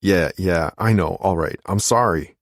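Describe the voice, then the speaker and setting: A man's voice: low voice, a little slow, dry recording, studio quality. A male narrator voicing a grumpy adult chef and older brother, flustered and grudging.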